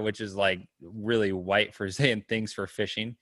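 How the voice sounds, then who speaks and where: A man's voice: on the low side, moderate pace, fairly bright tone, no room sound, studio quality. A man telling a long story in casual chat, rambling, with lots of fillers, and acting out the people in it. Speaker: storyteller guest.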